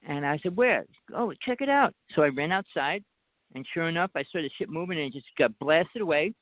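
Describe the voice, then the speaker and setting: A man with a New Jersey accent rambles on insistently as a talk-show guest. His voice sits a little high. The sound is dry and thin, like a phone line. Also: a little fast, no room sound. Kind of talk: casual call-in talk.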